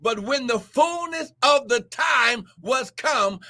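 A man preaches with a very high, bright voice, drawing his words out slowly. He shouts and whoops, breaking in with "listen" and "glory" again and again. It is a fiery, prophetic sermon. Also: lively intonation.

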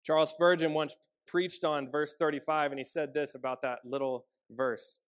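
A man preaching a sermon as a pastor, earnest and measured, often dropping softer on key lines. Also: a little high, fairly even intonation.

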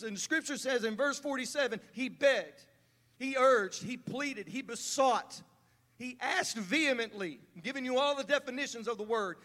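A man preaching a sermon as pastor, building from calm teaching to fervent, rising delivery. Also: extremely high pitch. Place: church sanctuary. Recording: church hall reverb.

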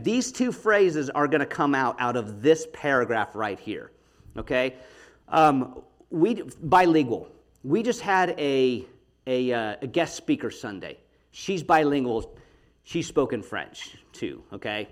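A middle-aged man teaching a Bible study in a chatty, animated way, laughing often and checking in with his listeners. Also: fairly high pitch, moderate pace. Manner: animated, chatty, laughs often, talks to the audience with frequent "okay?".

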